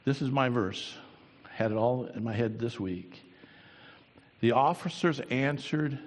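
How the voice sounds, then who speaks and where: A man preaching a sermon, swinging between quiet, drawn-out lines and loud, raised bursts. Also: medium pitch. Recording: long hall reverb.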